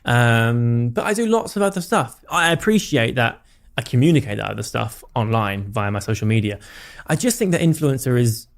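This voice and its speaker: A man, a podcast guest talking candidly and reflectively, with many fillers and quick asides. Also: medium pitch, expressive, creaky. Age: 30s. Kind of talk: casual conversational interview.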